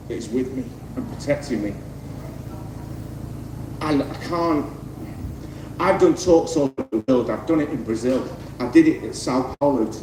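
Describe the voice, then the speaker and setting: A man, a former footballer, giving a heartfelt, repetitive speech on an outdoor festival stage. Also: medium pitch. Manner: heartfelt, repetitive, rising to impassioned. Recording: echoey outdoor PA, distant, noisy crowd.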